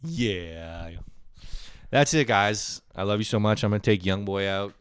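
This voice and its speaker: A man's voice: lowish voice, steady tone, a little fast, clean tone, no echo, clean studio sound. A man hosting his own show, telling a rambling, profane, self-mocking story in a casual way, with a sore throat. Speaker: podcast host. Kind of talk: casual comedic storytelling monologue.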